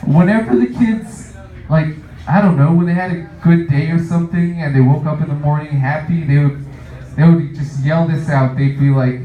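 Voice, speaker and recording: A young man does a stand-up set, wandering through his bits with plenty of "like" and chuckling at himself. His voice sits a bit high but sounds mellow and dark. He is caught from a distance in a roomy, echoey space on a dull, muffled recording. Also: normal speed. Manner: rambling, filler-heavy, self-amused. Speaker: stand-up comic.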